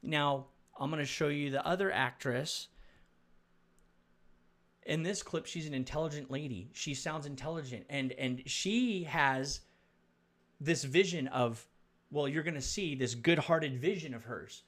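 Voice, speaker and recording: A man's voice: on the high side, measured pace, fairly bright tone. A man commenting on video clips, preachy and stumbling, repeating words as he lectures viewers.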